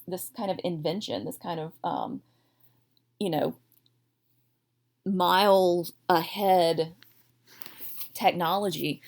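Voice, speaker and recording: A woman history teacher giving a recorded lecture in a chatty, digressive way, with self-deprecating jokes. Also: medium pitch.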